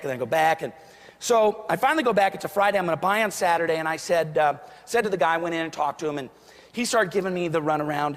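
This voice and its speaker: A man's voice: high-pitched, a bit bright. A man giving a motivational talk to an audience, telling stories and acting out quoted voices. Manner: storytelling, acts out quoted voices. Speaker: motivational speaker. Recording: long hall reverb.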